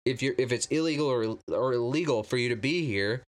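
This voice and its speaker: A man in a casual two-person chat, talking haltingly with many restarts. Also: medium pitch.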